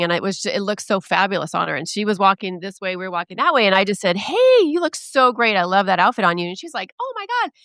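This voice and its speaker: A woman's voice: mid-range voice, sharp tone, no echo, clean studio sound. A middle-aged woman co-hosting a podcast, chatting casually in an enthusiastic, emphatic way. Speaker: podcast co-host. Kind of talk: casual chat.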